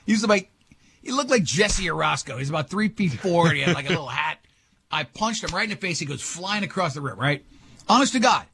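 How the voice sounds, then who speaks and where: A man in his fifties hosting a podcast, telling a rambling, excitable anecdote and acting out the quotes. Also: fairly high pitch, gravelly, husky. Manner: excitable, rambling storyteller who acts out quotes. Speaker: podcast host. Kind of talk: casual chat, telling an anecdote.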